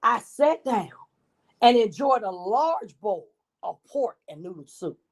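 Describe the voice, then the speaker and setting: A woman's voice: fairly high pitch, sing-song, slow, exaggerated voice. A woman voicing a self-pitying male wolf who tells his own side of the story in a wheedling, innocent tone.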